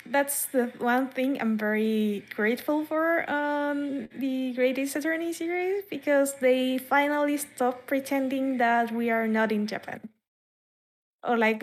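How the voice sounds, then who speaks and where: A woman's voice: high voice, unhurried. Chatty, rambling woman podcast host. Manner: rambling, chatty, with frequent fillers and laughs. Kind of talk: casual chat.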